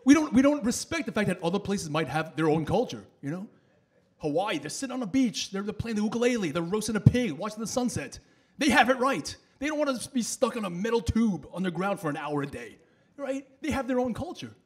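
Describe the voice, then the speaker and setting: A man doing a loud, animated stand-up set in the back room of a bowling alley, working the crowd. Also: high voice, brisk. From New York. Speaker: stand-up comedian.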